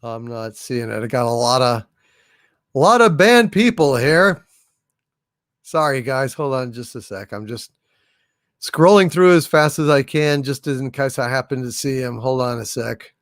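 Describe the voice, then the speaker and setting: A man's voice: medium pitch, lively intonation, measured pace, no room sound, clean studio sound. A man hosting a casual livestream, chatting and thanking viewers for their messages. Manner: chatty and appreciative, thanks viewers warmly and often. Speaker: livestream host.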